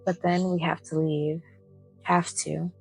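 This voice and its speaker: A woman reading the lines of a tender, sorrowful male imaginary friend in a soft-spoken bedtime story. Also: on the low side, flat delivery, a little slow, vocal fry, breathy edge, faint music behind, heavily acted, low-quality recording. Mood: gentle.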